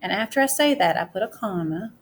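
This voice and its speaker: A woman teacher giving a recorded writing mini-lesson, explaining step by step and slowing down to dictate as she writes. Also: medium pitch, lively intonation. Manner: slow, deliberate dictation while writing.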